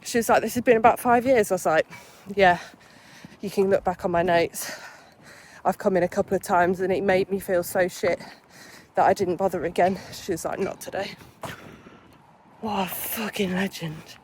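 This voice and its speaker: A young adult woman from England talking straight to camera in a casual vlog, chatty and animated, swearing freely as she retells her day. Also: medium pitch, brisk, a little hiss or hum. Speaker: vlogger.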